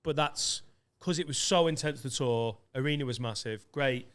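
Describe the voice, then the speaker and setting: A middle-aged man, a guest comedian in a casual podcast chat, telling stories with plenty of swearing and quick asides. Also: mid-range voice, a bit bright, clean tone.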